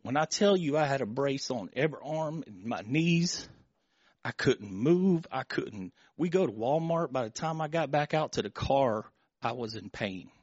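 A middle-aged man stands before his congregation and gives his testimony, his voice moderately pitched and caught in a dull, dry recording. He speaks in halting, emotional bursts, restarting and repeating himself as he works through what he wants to say. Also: animated, a little mellow, breathy edge, dry recording. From Florida. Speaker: church member giving testimony.

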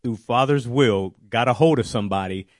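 A man telling a personal faith testimony, animated and acting out his own worried words. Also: mid-range voice, moderate pace, no echo, studio quality. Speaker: testimony speaker.

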